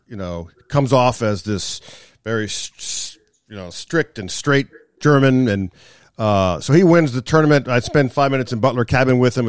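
A middle-aged man, a former broadcaster co-hosting a casual chat, telling animated anecdotes that trail off into quieter asides. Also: fairly low pitch, smooth, dry recording, clean studio sound. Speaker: podcast co-host, former golf broadcaster.

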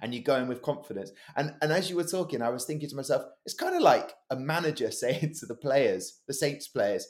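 Lively man telling stories. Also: medium pitch, a little fast, hardly any pauses. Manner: lively storyteller, acts out quoted lines. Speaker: podcast co-host and voice-over artist. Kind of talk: casual chat.

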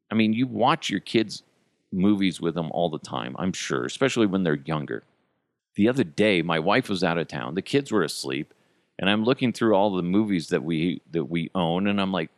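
Middle-aged man, podcast host, deep-ish voice, casual profane rant, bouncing intonation. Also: no echo. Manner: profane, chuckling, exasperated venting. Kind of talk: casual ranting monologue.

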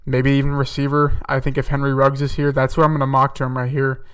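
Smooth and monotone at a medium pitch, a young man talks at a quick pace, recorded from a distance. Hosting a podcast solo, he casually goes through his mock-draft picks, thinking aloud with fillers and self-corrections.

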